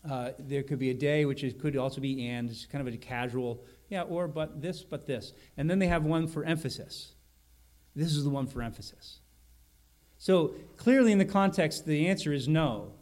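A man's voice: mid-range voice, a little mellow. A man preaching an expository sermon, explaining a Bible passage in an earnest way and repeating key words for emphasis.

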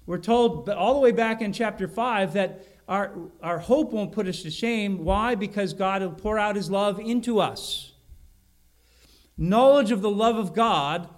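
A man with a slightly high voice preaches a verse-by-verse sermon. He talks earnestly and explains as he goes, repeating key words to drive them home. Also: a little slow. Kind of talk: expository sermon on a Bible passage.

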